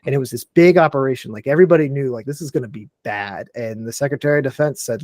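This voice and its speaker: An animated man talks through a podcast in a dry, close room. He leans hard on his points, scatters "like" through every sentence and swears without a second thought. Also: medium pitch, quick pace, few pauses, no echo. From Texas and Tennessee, USA. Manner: animated, emphatic, fills speech with "like", swears freely. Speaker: podcast guest, military veteran. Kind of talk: casual chat.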